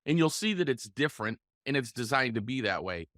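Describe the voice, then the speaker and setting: A man hosting a solo coaching podcast, explaining sales calls and acting them out with deliberate pauses and shifts in inflection. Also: mid-range voice, sing-song, a bit bright, no echo, studio quality. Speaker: podcast host, real estate coach.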